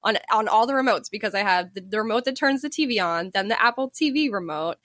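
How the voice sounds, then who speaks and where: Bright, chatty woman podcast host. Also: mid-range voice, animated, fast talker, no room sound. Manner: chatty storyteller, laughs often. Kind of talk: casual chat.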